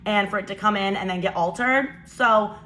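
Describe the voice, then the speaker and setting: Bright-voiced young woman telling a story. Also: medium pitch, moderate pace, slight background noise, poor audio. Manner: animated, incredulous, quotes people in changed voices. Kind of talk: casual storytime monologue.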